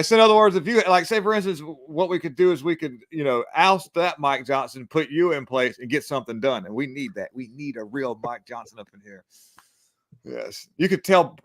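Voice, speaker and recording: A man hosts a loose political chat, talking in a folksy, joking way and laughing often. His voice sits at an ordinary middle pitch. The sound is dry and close, with no room echo. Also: a little fast, fairly bright tone. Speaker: show host.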